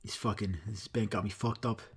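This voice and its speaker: A man's voice: on the low side, steady tone, a little fast, creaky, breathy edge. A man hosting a podcast, telling a comic story in a rambling, profane way and acting out the quotes. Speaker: podcast host.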